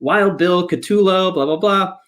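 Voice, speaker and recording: A man's voice: sits high, measured pace, fairly bright tone. A man hosting a podcast, telling a story casually with many fillers and restarts. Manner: rambling, full of fillers and restarts. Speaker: podcast host. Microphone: podcast microphone, live online.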